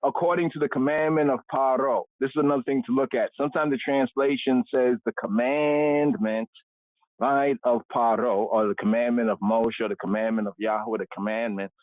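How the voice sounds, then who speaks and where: A man's voice: mid-range voice, steady tone, moderate pace, dry recording. A man leading an unscripted scripture word study who tags nearly every phrase with "right?" and repeats words over and over. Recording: tinny phone-line sound, dry.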